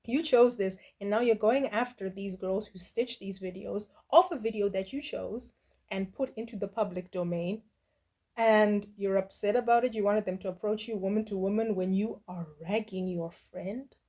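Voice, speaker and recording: A middle-aged woman hosting a reaction video, talking in a sassy, blunt and mocking way, with quick dismissive asides. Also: mid-range voice, mellow. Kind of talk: casual reaction commentary.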